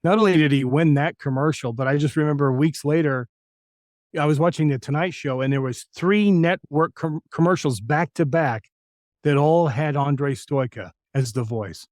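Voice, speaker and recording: A man's voice: fairly high pitch, normal speed, no room sound. Middle-aged man telling stories, dry sound. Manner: animated, slips into impressions of other voices. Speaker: voice actor guest. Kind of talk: casual interview storytelling.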